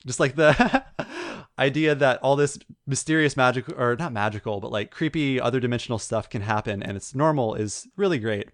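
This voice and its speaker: A man co-hosting a gaming podcast, recounting a video game story in a rambling, animated way. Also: medium pitch, normal speed, dry recording, clean studio sound. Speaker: podcast co-host. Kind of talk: casual chat.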